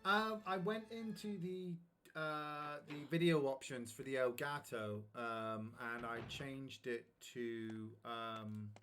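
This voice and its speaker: A man's voice: mid-range voice, slow pace, bright, forceful tone. A man chatting casually on a live game stream, rambling and joking while he plays. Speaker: streamer playing a retro console game. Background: music.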